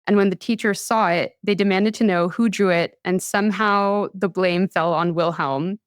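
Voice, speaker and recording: Chatty American woman, smooth dry voice. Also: mid-range voice, steady tone, moderate pace, dry recording. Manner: chatty, laughs often, lots of "like". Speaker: podcast host telling a science history story. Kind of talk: casual podcast storytelling.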